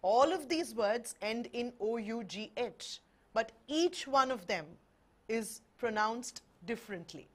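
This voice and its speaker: A woman teaching spoken in a warm, encouraging way. She explains step by step with everyday examples and keeps checking that her listeners follow. Her voice sits a little high for a woman. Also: animated, slow. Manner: encouraging, explains with examples, asks "right?" often. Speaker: English-speaking trainer on an education webinar. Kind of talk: friendly instructional talk.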